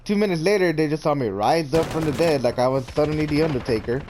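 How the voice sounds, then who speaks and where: A man's voice: fairly high pitch, expressive, fast talker, a little mellow. A young man telling a casual story-time tale, rambling with many restarts and repeated words. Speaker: vlogger. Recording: noisy background.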